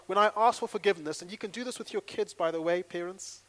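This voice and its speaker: A male pastor preaching a sermon in an animated way, acting out little dialogues and swinging between loud and hushed delivery. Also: high voice, fast, few pauses.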